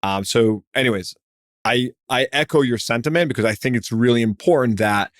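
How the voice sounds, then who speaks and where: A man hosting a podcast, chatty and conversational, with lots of fillers and quick asides. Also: mid-range voice, dry recording, studio quality. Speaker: podcast host. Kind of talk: casual interview talk.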